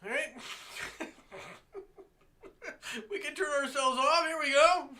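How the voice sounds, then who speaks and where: Guy with a really high sharp voice ranting sarcastically, stammers a lot, yells sometimes. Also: slow. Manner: sarcastic, stammering, shouting bursts. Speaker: podcast host. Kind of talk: mocking political rant.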